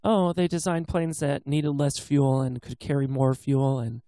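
A man co-hosting a casual podcast chat, animated and playful, slipping into jokey put-on accents. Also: medium pitch, unhurried, no room sound. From Pacific Northwest. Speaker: podcast co-host.

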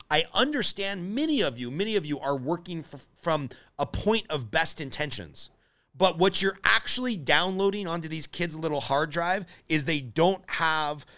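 A man's voice: a little high, lively intonation, normal speed, pushed and bright. A man hosting a casual interview, talking in an earnest, emphatic way. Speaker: podcast host.

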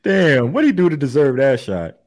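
A man's voice: medium pitch, big pitch swings, moderate pace, darkish tone, no echo, studio quality. A man co-hosting a casual podcast and running a bracket, laid-back, laughing often and swearing freely. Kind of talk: casual chat.

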